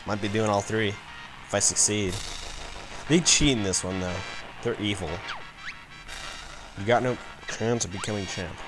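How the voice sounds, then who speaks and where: An excitable man gives a let's-play commentary with a lowish voice. He keeps complaining and yelling at the game as he plays. Loud game music plays behind him. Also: a little slow, long pauses, low-quality recording.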